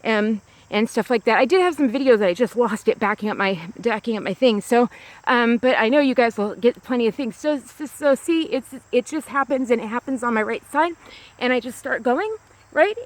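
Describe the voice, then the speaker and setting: A US woman vlogger talks to a small camera outdoors on a grassy hill, rambling casually with lots of "like" and restarts. Her voice is a little high and a little fast, and the recording is dry.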